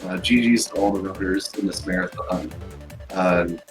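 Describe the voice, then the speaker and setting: Low-voiced American stream commentator. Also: male voice, fairly even intonation, normal speed, over music, rough recording. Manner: upbeat, thanking people. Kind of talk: casual thank-yous on a stream.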